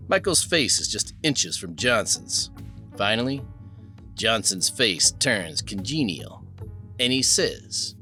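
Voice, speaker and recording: A man narrating an audiobook in an expressive, storytelling manner. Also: on the low side, measured pace, faint music behind. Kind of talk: scripted narration.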